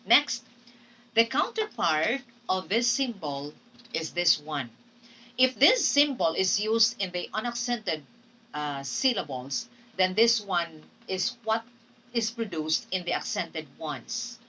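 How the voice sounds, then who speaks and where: A woman teacher giving a recorded phonetics lecture, speaking deliberately and often checking in with her students. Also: fairly low pitch, sing-song, pushed and bright, far from the mic, a little hiss or hum, low-quality recording. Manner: slow, deliberate, checks in with "okay?". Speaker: English teacher.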